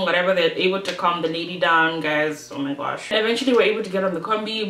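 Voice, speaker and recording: A young woman from Malawi telling a storytime vlog, animated and chatty, talking to her viewers and acting out what people said in a higher voice. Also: fast talker, few pauses, reverberant. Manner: animated, many asides to viewers, acts out quotes in a higher voice. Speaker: YouTuber.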